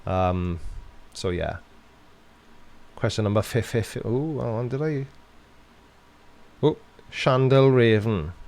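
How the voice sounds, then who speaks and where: A man's voice: on the low side, slow, gravelly, pauses often, a little mellow. A man with a Welsh accent hosting a casual live-stream Q&A, reading out chat questions and answering with dry, sarcastic humour.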